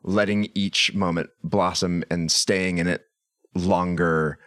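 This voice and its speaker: Deep-voiced podcast host man. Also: steady tone, slow pace. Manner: chatty, reads listener shout-outs. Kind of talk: casual podcast hosting.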